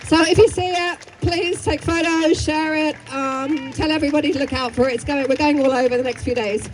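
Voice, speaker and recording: A woman's voice: high-pitched, fairly even intonation, brisk, a faint crowd, a little hiss or hum. A woman speaking at an outdoor street rally, heated and rambling, breaking into chants between apologetic asides. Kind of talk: impassioned rally speech and chanting.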